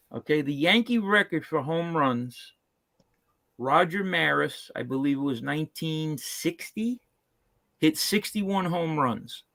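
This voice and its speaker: A man's voice: fairly high pitch, bright, forceful tone. A man co-hosting a casual live stream who chats and explains things at length.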